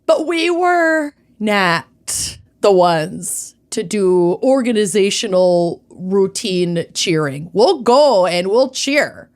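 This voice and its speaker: A woman's voice: mid-range voice, expressive, takes it slowly, few pauses. A woman co-hosting a podcast in casual chat, playful and bubbly, stretching words for emphasis. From Minnesota. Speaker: podcast co-host.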